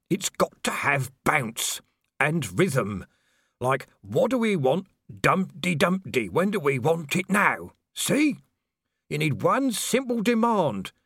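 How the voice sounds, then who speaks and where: A man's voice: a little high, fairly bright tone, husky, dry recording, studio quality, pitched above the performer's own voice, full character voice. A man voicing an earnest constable who insistently coaches others in protest chants. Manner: insistent, instructive, rhythmic. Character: earnest male constable, eager union organiser.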